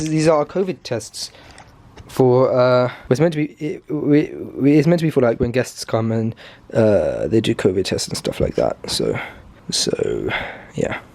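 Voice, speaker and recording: A young man, talking to camera in a rambling, excitable vlog style, full of fillers and restarts. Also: mid-range voice. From Pakistani heritage. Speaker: vlogger and podcast host.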